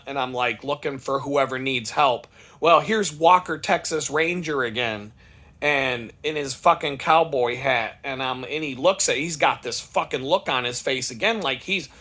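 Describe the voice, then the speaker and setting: Bright-voiced man telling a profane story. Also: fairly high pitch. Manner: rambling, profane, with lots of restarts. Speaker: podcast host. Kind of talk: casual storytelling monologue.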